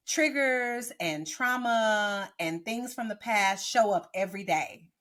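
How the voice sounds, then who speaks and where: A woman's voice: medium pitch, fairly bright tone. A woman podcast host and pastor giving earnest, exhorting encouragement, often checking in with "right?". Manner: preachy, exhorting, frequent "right?". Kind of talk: encouraging ministry podcast talk. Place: boardroom.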